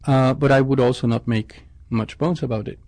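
A male scientist speaks in a gravelly, creaky voice at a middle pitch. He answers interview questions in a reflective way and often stops to restart his sentences. The sound is close and dry. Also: fairly even intonation, moderate pace, a little mellow, no echo. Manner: thoughtful, with frequent restarts and self-corrections.

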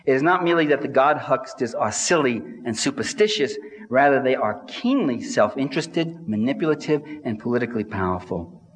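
In a big hall before a live audience, a man mocks his subjects in a sardonic satirical lecture, putting on exaggerated voices for the people he quotes. His medium-pitched voice is expressive and a little fast, and the recording is distant and reverberant.

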